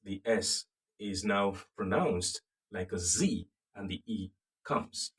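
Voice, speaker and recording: A man with a Nigerian accent teaching French, slowly repeating phrases and checking that the class follows. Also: lowish voice, a bit bright, breathy edge. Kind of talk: slow classroom lesson. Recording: voice from a distance off the mic.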